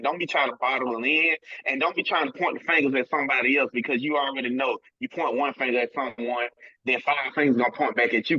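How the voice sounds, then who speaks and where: A man's voice: medium pitch, sharp tone, no room sound, highs cut off. A man co-hosting a podcast, talking earnestly and informally about his own flaws and saying "man" often. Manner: earnest, informal, says "man" and "bro" a lot. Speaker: podcast co-host. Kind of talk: casual heartfelt chat.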